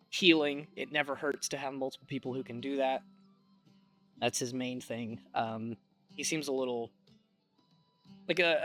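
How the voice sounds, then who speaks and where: A man narrating as game master of a tabletop game, relaxed and rambling. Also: mid-range voice.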